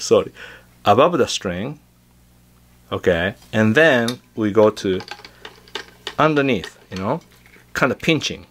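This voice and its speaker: A man's voice: on the low side, lively intonation, takes it slowly, long pauses, fairly bright tone. A man teaching guitar tricks in a casual, unedited way, chatty and full of fillers and restarts.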